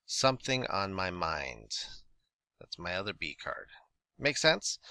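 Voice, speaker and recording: Male teacher, bright, crisp tone, dry close sound; explains poetry step by step and reads verses aloud with a beat. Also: lowish voice, dry recording. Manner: explanatory, reads example poems aloud with a rhythm; checks understanding with quick questions. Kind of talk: recorded lesson on writing poetry.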